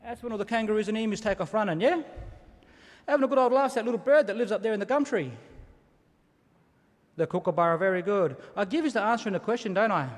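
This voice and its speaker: A middle-aged Australian man gives a ceremonial welcome in a quick, high voice. He tells stories and has the audience repeat words after him, and his voice rings out in a reverberant hall. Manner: lively, engaging, asks the audience to repeat words. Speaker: Aboriginal elder giving a welcome to country. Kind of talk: ceremonial welcome speech with storytelling.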